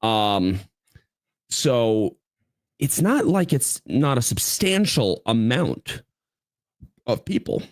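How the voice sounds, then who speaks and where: A man's voice: medium pitch, sing-song, no echo. A man co-hosting a podcast in casual chat, blunt and profane, talking into a headset. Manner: blunt and profane, quick asides. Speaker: podcast co-host.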